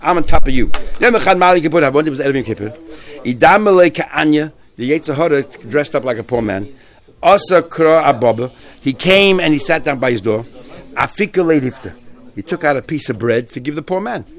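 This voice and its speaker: Male Talmud teacher, slightly higher pitch, animated storyteller with frequent restarts. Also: brisk. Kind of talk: Talmud class retelling stories.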